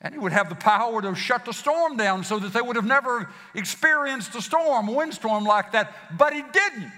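A man preaching a sermon, swinging between loud declarations and hushed passages, in a folksy manner. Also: high-pitched. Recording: long hall reverb.

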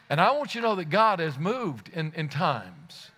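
A man's voice: fairly high pitch, big pitch swings, a little fast, hardly any pauses, bright, forceful tone. A man preaching a sermon, telling a story earnestly and rising to fervent exclamations, often repeating words as he starts a phrase.

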